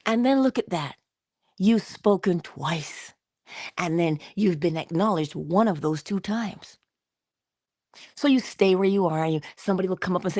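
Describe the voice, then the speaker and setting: A woman giving a conversational motivational talk, coaching her listener and dropping into soft whispers for emphasis. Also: on the low side, expressive, a little fast, dry recording, clean studio sound. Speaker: inspirational speaker.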